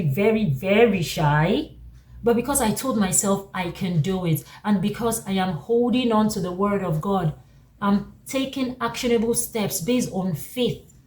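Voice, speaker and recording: Exhorting woman in an echoey room. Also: a little high. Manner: animated, exhorting, repeats phrases for emphasis. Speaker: Christian motivational speaker. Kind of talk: preaching-style motivational talk. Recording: echoey room, distant mic, faint background noise.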